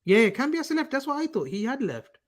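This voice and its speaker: A man co-hosting a casual live-stream chat, animated and bantering. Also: extremely high pitch, fairly quick. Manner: animated, banters and argues over pronunciation. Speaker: co-host.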